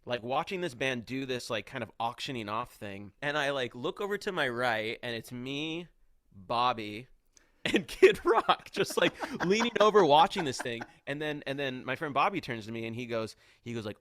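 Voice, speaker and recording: A man's voice: mid-range voice, lively intonation, moderate pace, fairly bright tone, no room sound, clean studio sound. Rambling young man telling a story. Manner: rambling, heavy on "like", acts out quotes. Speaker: podcast guest. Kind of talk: casual storytelling.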